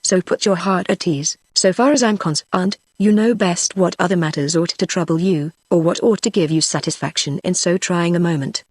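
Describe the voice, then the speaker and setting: In this text-to-speech audiobook, a young male frontier hunter's lines come across in an earnest, rustic backwoods dialect, solemn in mood. The voice is natural and mid-range, moving at normal speed with few pauses, recorded dry at studio quality.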